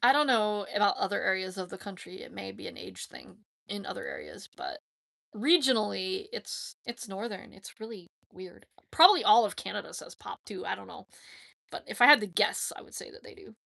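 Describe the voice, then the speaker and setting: Woman host, casual Q&A chat, gravelly fry, sharp bright tone, rambling delivery full of fillers. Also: medium pitch. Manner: rambling, chatty, lots of "like" and quick laughs. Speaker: host answering viewer questions.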